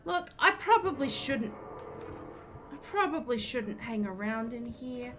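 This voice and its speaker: A woman's voice: on the high side, lively intonation, measured pace, background noise. A woman streaming a horror game, jumpy and swearing, chatting to the game's characters. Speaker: gaming streamer. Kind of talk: live horror game commentary.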